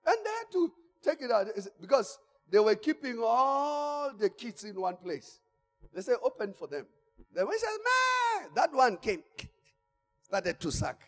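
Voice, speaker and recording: A man preaching a sermon, swinging from quiet asides to shouted exhortation. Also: very high-pitched, big pitch swings, measured pace. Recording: long church-hall reverb.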